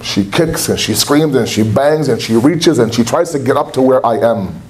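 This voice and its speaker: A man's voice: medium pitch, expressive, normal speed, a little hiss or hum. Impassioned young man preaching a sermon. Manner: impassioned, acts out quotes in a raised voice. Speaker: speaker at a religious gathering. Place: lecture hall at a religious center.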